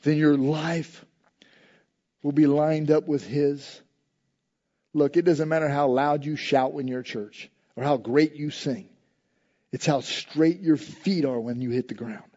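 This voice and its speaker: Male pastor, sermon delivery, mellow voice, slightly muffled lo-fi recording. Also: steady tone, a little slow. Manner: impassioned preaching, rising loud and high in acted prayers.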